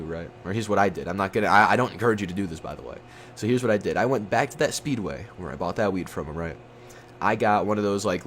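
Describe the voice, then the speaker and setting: A young man with a lowish voice tells a story casually, rambling and swearing freely as he goes. He jumps up in pitch whenever he acts out quoted lines. A faint hum of room noise sits behind him. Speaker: storytime YouTuber.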